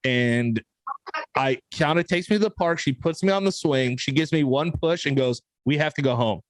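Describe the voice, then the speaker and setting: A young man co-hosting a podcast, telling family stories in a loose, animated way, acting out quotes and swearing casually. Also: fairly high pitch, moderate pace, no room sound. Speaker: podcast co-host. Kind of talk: casual storytelling chat.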